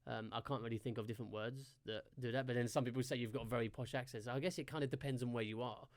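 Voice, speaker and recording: Rambling London reaction host. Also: male voice, medium pitch, fairly even intonation, very fast. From London, England. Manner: rambling, thinks aloud. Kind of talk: casual reaction commentary.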